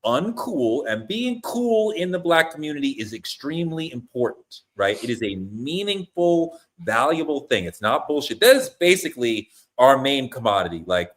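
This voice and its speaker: A man who is a guest in a casual podcast chat, arguing his points emphatically and with passion. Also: medium pitch.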